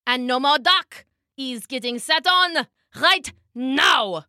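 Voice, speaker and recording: A furious, greedy king from a storybook, shrieking his orders in a high voice that leaps about wildly, as a woman puts him on. The recording is dry and close. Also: lively intonation, takes it slowly, pushed and bright, no echo, exaggerated voice. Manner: shrieking, blustering. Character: greedy raging male king.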